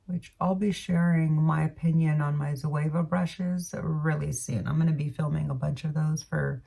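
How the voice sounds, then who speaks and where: A woman's voice: sits low, steady tone, normal speed, vocal fry, dark tone, breathy edge, distant mic. A woman beauty vlogger talking casually through her makeup routine, rambling and correcting herself with murmured asides. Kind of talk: casual makeup tutorial chat.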